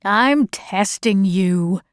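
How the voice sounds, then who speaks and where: A woman's voice: mid-range voice, extremely slow, no echo, studio quality. A woman reading a father's lines in a storybook, light and teasing.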